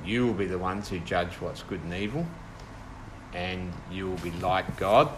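A man's voice: deep voice, measured pace, slight background noise, poor audio. A man leading an informal Bible study with a small group, thoughtful and hesitant, with many fillers and restarts.

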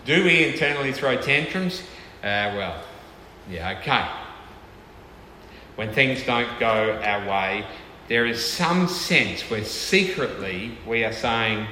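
Bright-voiced male preacher in an echoey hall. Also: medium pitch, animated, normal speed, a little hiss or hum. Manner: conversational, checks in with the audience often. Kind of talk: sermon. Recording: echoey hall with faint ambience.

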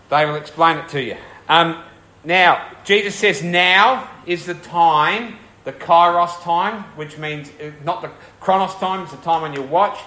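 A man's voice: high-pitched, sharp tone, echoey room. A man preaching a sermon as pastor, earnest and conversational, often asking the congregation questions.

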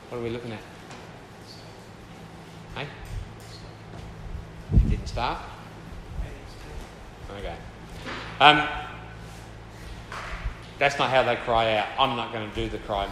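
A man's voice: mid-range voice, expressive, slow, long pauses, a bit bright, a little hiss or hum. Older man preaching in an echoey hall. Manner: conversational, with asides and repeated phrases. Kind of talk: sermon. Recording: echoey hall with long reverb.

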